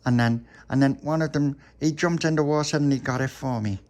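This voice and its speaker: A man's voice: medium pitch, brisk, a little mellow. A man narrating a homemade bedtime story in a homely, chatty way.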